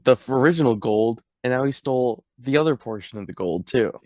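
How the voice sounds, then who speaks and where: A man's voice: medium pitch, animated, fairly quick, warm tone, dry recording. A man co-hosting a podcast, recapping a movie in casual chat, laughing often and piling up details. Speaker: podcast co-host.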